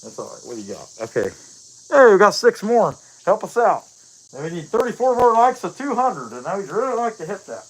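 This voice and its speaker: A man's voice: high-pitched, big pitch swings, fairly quick, slightly rough, poor audio. A man, chatting casually and joking as he hosts a chainsaw carving livestream outdoors. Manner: folksy, joking, rambling with fillers. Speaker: chainsaw carver, livestream host. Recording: faint outdoor noise.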